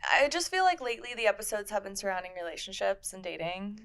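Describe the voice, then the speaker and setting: A young woman co-hosting a podcast in casual chat, talking in a lively, chatty way and laughing easily. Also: mid-range voice, smooth. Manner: chatty, animated, quick to laugh. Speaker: podcast co-host.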